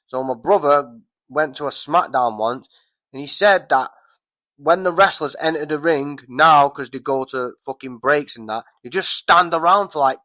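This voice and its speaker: A man's voice: mid-range voice, bright, forceful tone, no room sound. A man giving a casual, rambling recap of a wrestling show, swearing heavily and getting heated. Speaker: wrestling commentator vlogger.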